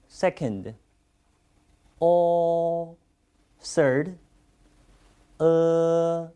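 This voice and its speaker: Slow, encouraging teacher in a classroom. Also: mid-range voice. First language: Chinese. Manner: slow, encouraging, repeats lots of praise. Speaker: Chinese language teacher. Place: classroom with students.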